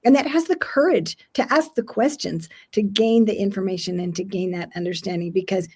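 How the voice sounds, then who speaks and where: A woman's voice: medium pitch, brisk, breathy edge. A woman moderating a virtual panel, affirming and praising the speakers. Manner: warmly affirming, laughs often. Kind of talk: hosted panel discussion. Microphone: video call.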